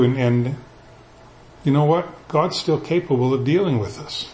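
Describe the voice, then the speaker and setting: A male pastor giving a conversational, animated sermon, retelling scripture in everyday language. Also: mid-range voice, normal speed, reverberant, a little hiss or hum, poor audio. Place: church sanctuary.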